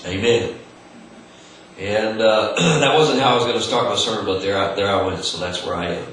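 A male pastor delivers a sermon in a bright, forceful voice, often stumbling and repeating words as he gathers his thoughts. He sounds distant from the microphone in a very echoey room, with faint noise behind him. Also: fairly low pitch. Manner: halting, repeats words while searching.

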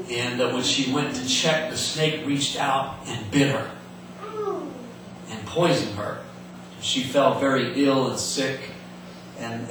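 A man's voice: mid-range voice, pushed and bright, a little hiss or hum. A man preaching a sermon in an earnest way, often repeating words and restarting, heard in an echoey hall from some distance.

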